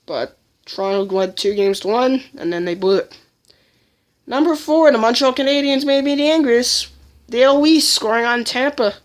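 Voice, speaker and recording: A woman giving casual countdown commentary as a fan vlogger, blunt and opinionated, often restarting her sentences. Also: on the high side.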